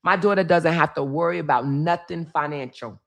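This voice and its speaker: A woman's voice: low-pitched, normal speed, gravelly, fairly bright tone. A middle-aged woman, telling a family story to her viewers in a casual, emphatic way, repeating phrases. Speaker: vlog host.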